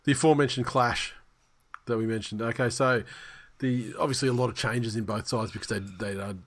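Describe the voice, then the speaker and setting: A man's voice: medium pitch, fairly even intonation, a little fast. A man co-hosting a sports podcast, bluntly ranting and reading team lists. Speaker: podcast co-host. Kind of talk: casual sports chat.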